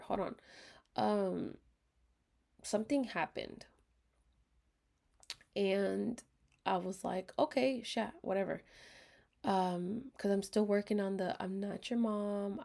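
A woman casually telling a personal story to her viewers, candid and expressive, swearing freely and slipping into half-whispers, with a dry throat she keeps clearing. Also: mid-range voice. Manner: talks in bursts, often drops to a half-whisper. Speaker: vlogger.

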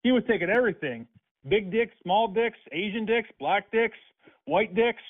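A man's voice: sits high, expressive, moderate pace. A man on a phone call, ranting angrily and hurling profane insults. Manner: angry, profane, insulting rants. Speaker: prank call target. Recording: tinny phone line.

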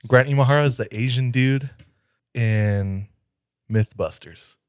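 A man co-hosting a podcast, telling relaxed, easygoing anecdotes in casual chat. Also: medium pitch, measured pace, smooth, no echo. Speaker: podcast co-host.

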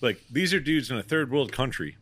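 A man's voice: medium pitch, lively intonation, fairly quick, fairly bright tone, dry recording. A man co-hosting a podcast in casual chat, teasing his friends and chiming in. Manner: laughing, teasing, chimes in. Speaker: podcast co-host.

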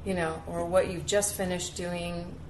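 A woman hosts a casual interview, speaking in a supportive, conversational way. Her voice sits on the low side for a woman, and a faint ambient hum is heard behind her. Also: little pitch movement, a little slow, darkish tone, rough recording.

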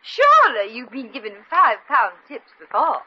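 A woman's voice: sits high, huge pitch swings, moderate pace, sharp tone, a little hiss or hum, exaggerated voice. A woman playing a brassy young woman who puts on a grand manner and keeps tripping over her fancy words, in 1940s radio comedy. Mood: putting on airs. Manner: affected grand manner with comic slips of speech. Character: brassy young woman putting on airs of a lady. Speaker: hotel guest. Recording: dull lo-fi old radio recording.

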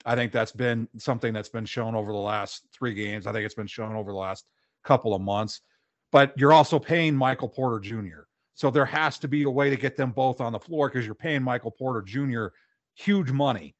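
A man's voice: mid-range voice, brisk, no echo, muffled recording. A man co-hosting a casual sports talk show, confident, often repeating words as he starts a point. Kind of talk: casual sports radio chat.

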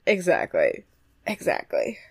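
A young woman co-hosting a podcast, chatting casually and quick to laugh while recapping a reality show. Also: lowish voice, wildly swooping pitch, creaky, husky, no echo, studio quality. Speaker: podcast co-host.

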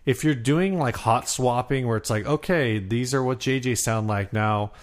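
A man's voice: mid-range voice, normal speed. A man with an ordinary mid-range voice, co-hosting a casual podcast. He rambles through his points and circles back as he talks. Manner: rambling, lots of fillers and restarts. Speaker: podcast co-host. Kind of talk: casual chat.

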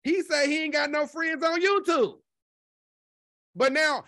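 A man hosting a gossip commentary show, talking loudly and brashly with constant profanity. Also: very high-pitched, a little slow, long pauses, dry recording, studio quality. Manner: loud, brash, heavily profane.

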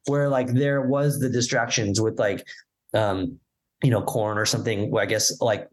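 A man's voice: fairly low pitch, steady tone, unhurried. A man as a podcast guest, telling stories in a rambling, profane way, full of fillers and restarts. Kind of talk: casual storytelling chat.

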